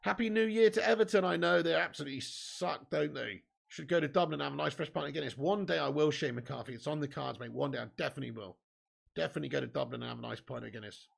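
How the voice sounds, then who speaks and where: A man's voice: a little high, fast, creaky. A young man hosting a live football watch-along, giving commentary and reading viewer comments. He swears a lot, laughs often and banters with his viewers. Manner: gets excited at chances and goals.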